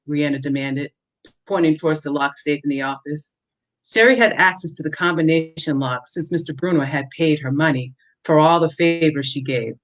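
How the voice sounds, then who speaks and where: A woman author reading excerpts from her own novel at a measured pace, with a few fillers in between, heard through dull lo-fi audio. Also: deep voice.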